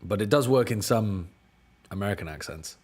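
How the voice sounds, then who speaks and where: A man's voice: lowish voice, expressive, moderate pace, a little mellow, husky. A man from the UK, a streamer, thinking aloud while solving word puzzles, exasperated and swearing now and then. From United Kingdom.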